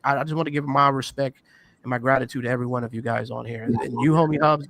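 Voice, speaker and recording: A man hosting an online panel, speaking earnestly and respectfully with halting restarts. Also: medium pitch, fairly bright tone. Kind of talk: casual chat.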